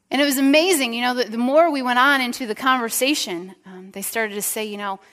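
Woman pastor, sermon voice, animated storyteller, long church-hall reverb. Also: medium pitch. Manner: animated storytelling, acts out quotes, drops to a whisper for emphasis.

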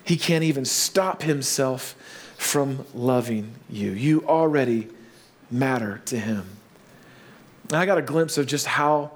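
A man preaching a sermon. He tells a story casually, then slows into hushed, earnest appeals. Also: mid-range voice. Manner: storytelling, swings between playful baby talk and slow hushed earnestness. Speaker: pastor.

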